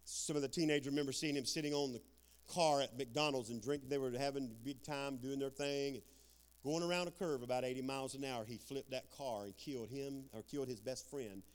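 Male preacher, dramatic storytelling sermon, mid-pitched. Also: brisk. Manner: dramatic, swinging from hushed to loud.

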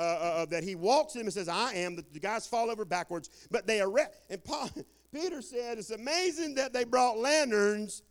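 High-voiced older preacher. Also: male voice. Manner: folksy Southern preaching, calls for amen, swings loud and soft. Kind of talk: sermon.

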